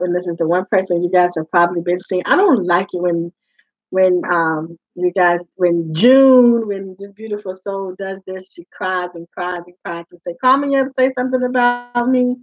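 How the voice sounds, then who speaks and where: A woman's voice: lowish voice, no echo. A woman life coach speaking to her group in a live talk, emphatic and repeating her phrases for weight. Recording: dull lo-fi sound.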